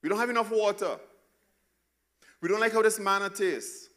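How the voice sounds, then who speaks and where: Whiny grumblers airing petty complaints in a raised, nagging pitch, mimicked by a male preacher. The voice sounds petulant and self-pitying. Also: moderate pace, fairly bright tone. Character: whining crowd of grumbling wanderers.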